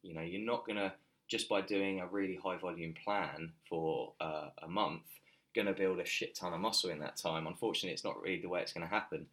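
Low-voiced man chatting casually about training. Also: fairly even intonation, a little fast, fairly bright tone. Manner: loose and conversational, many fillers and restarts. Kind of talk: casual podcast chat.

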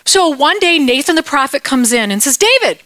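A woman teaches children a Bible lesson in a playful, animated way and asks the kids questions. Her voice is fairly high. The recording is close and dry. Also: brisk, no echo.

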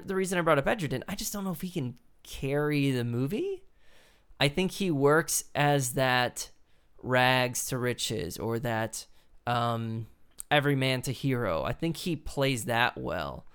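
A man's voice: medium pitch, expressive, measured pace, fairly bright tone, smooth. A man in casual chat as a podcast co-host, talking in a loose, rambling way and swearing for emphasis.

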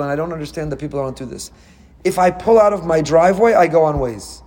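A man delivering a lively sermon as a rabbi. His voice sits a little high for a man. He asks question after question and drops Hebrew terms into his English. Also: fast talker. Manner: animated, rhetorical questions, mixes Hebrew terms.

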